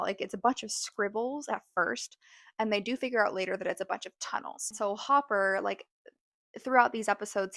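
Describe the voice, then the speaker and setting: A woman hosting a casual TV recap vlog, talking in a chatty, animated way with lots of "like" fillers. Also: medium pitch, no room sound, clean studio sound. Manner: animated, exclaims and laughs. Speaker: show recap host.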